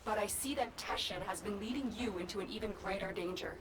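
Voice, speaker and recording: A woman's voice: medium pitch, quick pace, lightly acted. An actress playing a secretive, urgent female guide in a video game, terse and commanding. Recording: distant game audio with faint noise.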